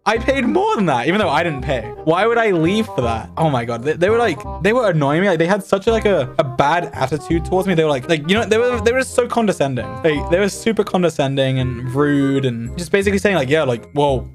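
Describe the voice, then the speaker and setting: A man's voice: a little high, animated, quick pace, hardly any pauses, music in the background. A young man telling a story to his stream in a casual, rambling way, full of "like" fillers and indignant, amused asides. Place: home streaming setup.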